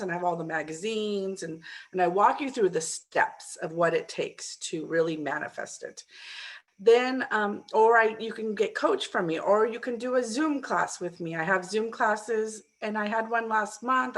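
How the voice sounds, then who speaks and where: A middle-aged woman, a mindset coach, telling a story in a casual interview and acting out the people she quotes. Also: mid-range voice. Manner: animated, acts out quoted voices with laughter.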